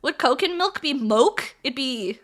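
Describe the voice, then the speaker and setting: High bright-voiced giggly woman streamer. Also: expressive, measured pace. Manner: giggly, profane, playful banter with chat. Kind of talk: casual livestream chat while building model kits.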